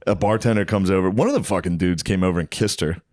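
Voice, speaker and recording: A man's voice: sits low, quick pace, darkish tone, no echo, studio quality. A man co-hosting a podcast, telling a crude bar story in casual chat, laughing as he acts out what people said. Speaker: podcast co-host.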